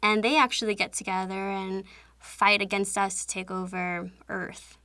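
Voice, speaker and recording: Woman, earnest interview voice, medium pitch, dry close sound. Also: little pitch movement, moderate pace, bright, forceful tone, smooth, no echo. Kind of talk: casual interview.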